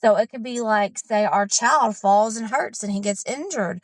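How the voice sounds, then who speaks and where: A woman coaching client speaking candidly, emotional and animated. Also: a little high, normal speed, hardly any pauses, no room sound. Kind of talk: candid personal account.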